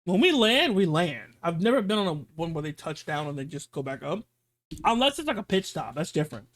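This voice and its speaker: A man streaming live, reacting to a video and telling animated stories in casual chat. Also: high voice. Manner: animated storytelling, swings between fast and drawn-out.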